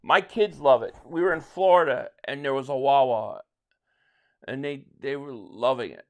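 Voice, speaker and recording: A man's voice: mid-range voice, moderate pace. A man from South Jersey hosting a live stream, chatting casually and rambling as he answers viewer comments, with frequent restarts. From South Jersey, near Philadelphia.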